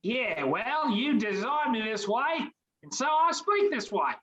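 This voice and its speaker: A woman's voice: a little high, sing-song, unhurried, fairly bright tone. A woman voicing a cheerful, obliging male creature, with a put-on British accent that slips toward Australian, in an improv comedy scene. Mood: cheery. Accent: put-on British, drifting to Australian. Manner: chatty, drops casual fillers, playful.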